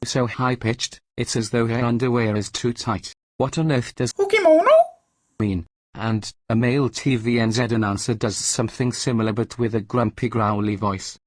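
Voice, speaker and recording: A New man reads out a scripted political rant, his tone indignant and mocking. His voice sits at an ordinary middle pitch, and the recording is dry with no room sound. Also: level tone, moderate pace, dry recording. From New Zealand. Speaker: political commentator. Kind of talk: scripted opinion monologue.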